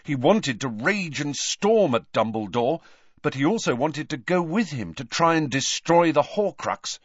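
Expressive male audiobook narrator. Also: on the high side, no room sound. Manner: expressive, dramatic storytelling. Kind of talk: scripted narration. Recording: dry, slightly muffled recording.

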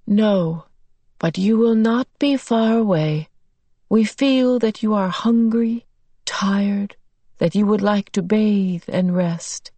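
A woman voicing a calm, caring tentacled alien beast in a storybook reading, speaking slowly and searching for words. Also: medium pitch, dry recording, voice pushed up. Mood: soothing. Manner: slow, careful, searching for words.

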